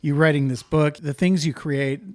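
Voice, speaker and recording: A male podcast host giving warm, appreciative thanks to his guest in casual chat. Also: on the high side, fairly even intonation, normal speed, no echo. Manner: warm, appreciative, brief affirmations.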